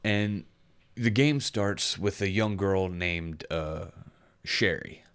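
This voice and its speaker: A man with a very deep voice talks through a game in casual podcast chat. He rambles, restarts his sentences and hunts for the right words as he goes. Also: slow, a bit bright, clean tone. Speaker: podcast co-host reviewing a game.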